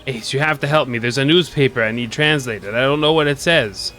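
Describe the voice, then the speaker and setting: A man's voice: mid-range voice, fairly quick, sharp tone, soft background music. A man streaming a video game, joking and curious as he comments on what he sees. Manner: joking, curious, often laughing. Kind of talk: gameplay commentary.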